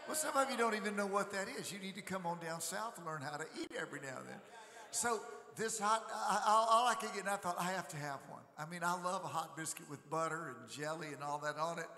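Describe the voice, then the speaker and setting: Bright-voiced preacher in a big hall. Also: male voice, fairly high pitch. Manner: jovial storytelling, asks crowd to respond. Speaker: guest preacher. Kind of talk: sermon. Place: large church sanctuary. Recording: echoey church hall reverb.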